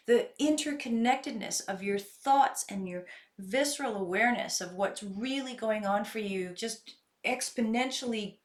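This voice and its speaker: A woman self-help coach teaching in an earnest, reflective way and slowing down to stress her points. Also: mid-range voice. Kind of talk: instructional self-help talk. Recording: echoey room.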